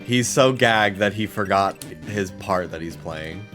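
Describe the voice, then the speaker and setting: A young adult man chatting excitedly while streaming a video game, laughing often and swearing casually. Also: on the low side, measured pace, music in the background. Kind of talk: casual let's-play commentary.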